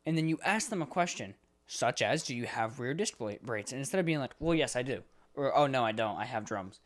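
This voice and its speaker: A man's voice: medium pitch, a little fast. A young man co-hosting a podcast, ranting in casual chat, swearing a lot and acting out exasperated phone calls. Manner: animated, swearing, acts out exasperated phone callers. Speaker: podcast co-host.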